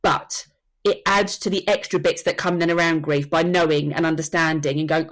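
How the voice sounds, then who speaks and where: A woman's voice: sits low, fairly even intonation, normal speed. A woman working as a death educator, telling stories earnestly and acting out what people said in a podcast conversation. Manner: earnest storytelling, acts out quotes. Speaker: soul midwife and death educator.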